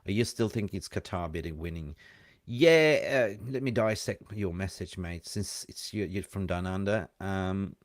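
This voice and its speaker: A man hosting a live call-in show, chatting casually and rambling, quick to laugh. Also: low-pitched, no echo, studio quality.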